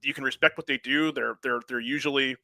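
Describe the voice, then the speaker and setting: A man's voice: medium pitch, steady tone, brisk, gravelly, sharp tone, no room sound, studio quality. A man co-hosting a sports show, talking loosely with small restarts. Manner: hesitant, with restarts and fillers. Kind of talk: casual sports talk.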